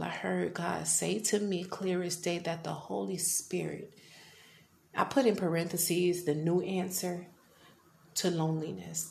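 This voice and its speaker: A woman's voice: fairly low pitch, creaky. A woman in her thirties hosting a personal faith podcast, earnest and confessional, sometimes dropping to a whisper. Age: 30s. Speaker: podcast host. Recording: echoey room with faint background noise.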